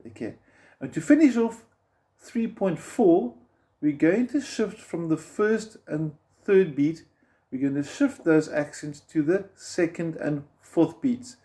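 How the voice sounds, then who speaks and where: Pria guru gitar bersuara hangat dan agak tinggi. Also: male voice, on the high side, slow, mellow. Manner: patient, counts beats aloud while strumming. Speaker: guitar teacher. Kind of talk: step-by-step guitar lesson. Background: guitar strumming.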